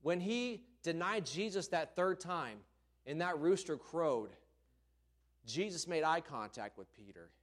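A preacher delivering a sermon in an emphatic storytelling manner. His fairly high voice rises and falls widely as he leans into key phrases. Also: animated, unhurried, fairly bright tone.

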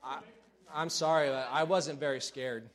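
A man preaching a sermon in a church, folksy and self-deprecating, then building to loud calls to the congregation. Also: fairly high pitch, fairly even intonation, normal speed. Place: church sanctuary.

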